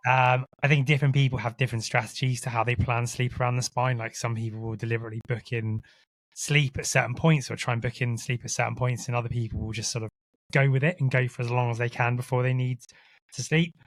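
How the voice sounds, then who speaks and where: A man hosts an interview and asks measured, curious questions. His mid-pitched voice sounds close and dry. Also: fairly even intonation, no echo. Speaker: podcast host.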